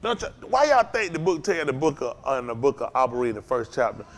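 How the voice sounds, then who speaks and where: Animated preaching man, lively pitch. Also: fast talker. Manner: animated call-and-response preaching, rising to loud high peaks. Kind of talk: sermon.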